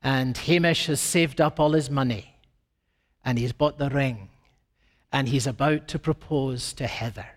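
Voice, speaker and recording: A man preaching a sermon emphatically, with dramatic shifts in pace and pitch. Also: unhurried. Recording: long reverb of a large hall.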